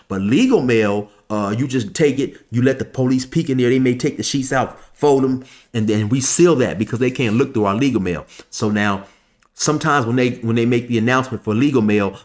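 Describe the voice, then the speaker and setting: Man telling a story off the cuff, relaxed and chatty, mid-pitched voice. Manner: conversational, loose, with fillers and asides. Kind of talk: casual storytelling.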